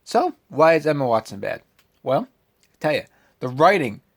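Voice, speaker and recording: A man giving a casual vlog movie review, ranting with animated exasperation. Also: fairly high pitch, normal speed, creaky.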